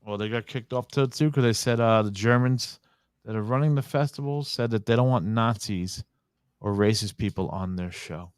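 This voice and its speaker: A man's voice: on the low side, normal speed, clear, resonant tone, dry recording, clean studio sound. Slangy male podcast co-host. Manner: casual, slangy, reacts with short interjections. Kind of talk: casual chat.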